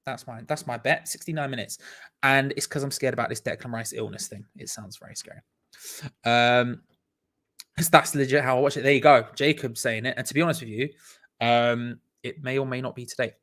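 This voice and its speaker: A man's voice: mid-range voice, steady tone, a little fast, a bit bright. A man, hosting a live stream in an upbeat, chatty way and reading out viewers' comments. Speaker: host.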